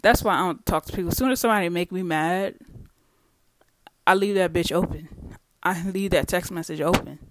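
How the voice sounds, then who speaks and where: A podcast host talking alone in a casual monologue, blunt and full of swearing, with heated swings between loud and quiet. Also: mid-range voice, a little fast, pauses often, slight background noise. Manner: blunt, profane and emphatic, with heated swings in volume.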